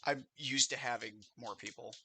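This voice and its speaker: A man acting as game master of a tabletop game, unhurried and pausing to check his notes. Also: medium pitch, steady tone, creaky, pushed and bright, a little hiss or hum.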